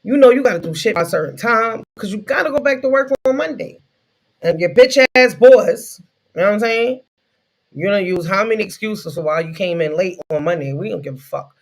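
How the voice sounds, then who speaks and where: Brief: male streamer, gravelly tone, salty comic rant, loose asides. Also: high voice, low-quality recording. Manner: profane, loose storytelling with quick asides. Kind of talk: casual comedic livestream rant.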